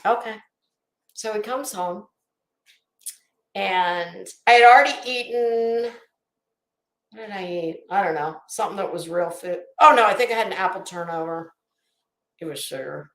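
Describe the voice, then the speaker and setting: A woman host telling a profane, animated story as a casual rant. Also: mid-range voice, normal speed, pauses often. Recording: echoey room.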